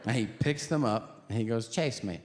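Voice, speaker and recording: A middle-aged man doing stand-up, telling profane stories and acting out characters in an animated way. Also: medium pitch, brisk. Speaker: stand-up comedian. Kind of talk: stand-up comedy storytelling. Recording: live stand-up set with background noise.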